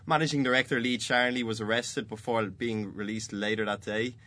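A man's voice: medium pitch, steady tone, a little fast, bright, forceful tone. A man hosting a football podcast from a studio, chatting loosely and laughing as he talks. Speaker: podcast host. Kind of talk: casual sports chat.

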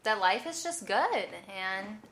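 A woman's voice: mid-range voice, animated, slow, noisy background. A young woman guest chatting casually, bubbly and silly, laughing often. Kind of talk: casual chat.

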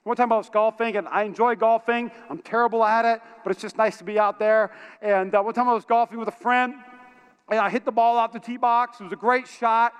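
A man's voice: very high-pitched, brisk, smooth, muffled recording. A man preaching a sermon to his congregation in a church auditorium, telling stories with lots of energy and calling out to the crowd. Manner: energetic, animated storytelling with call-outs to the congregation. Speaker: pastor. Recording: reverberant hall.

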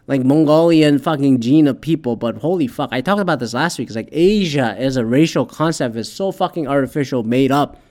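A man hosting his own show, delivering a heated, profanity-laden opinion rant that swings between loud outbursts and quieter asides. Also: medium pitch, fairly quick, hardly any pauses. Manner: heated, swears constantly, shifts loud and soft. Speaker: podcast host.

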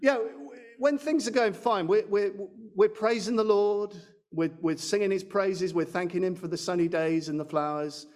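A man's voice: sits high, normal speed, a little mellow. A man preaching a sermon in a church, chatty and self-deprecating, speaking into a handheld mic. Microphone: handheld microphone.

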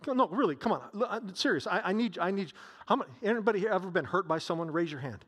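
A man's voice: sits high, lively intonation, quick pace, a bit bright, breathy edge. A man preaching a sermon to a congregation in a church, emphatic and repeating his key phrases.

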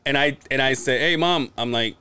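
A man's voice: mid-range voice, moderate pace, clean tone, dry recording. A man co-hosting a casual podcast, telling family stories with lots of laughing, swearing and acted-out quotes. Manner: animated storytelling, acts out family quotes, swears, laughs often. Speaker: podcast co-host. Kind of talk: casual chat.

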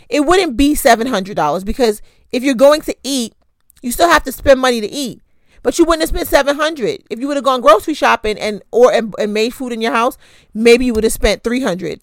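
On the high side, her voice comes through with no room sound as she hosts a podcast about personal finance. The talk is casual and frank, peppered with mild cursing and self-deprecating remarks.

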